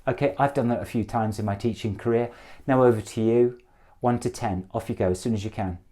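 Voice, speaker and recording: A middle-aged man with an English accent, a Spanish teacher drilling numbers for students to repeat, brisk, encouraging and gently jokey. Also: medium pitch, fairly even intonation.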